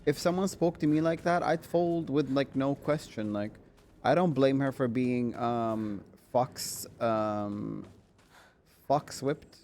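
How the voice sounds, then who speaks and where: A man streaming a horror game, chatting excitedly with viewers, swearing and laughing as he plays. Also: medium pitch, slow pace, a little hiss or hum. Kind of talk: casual gameplay commentary.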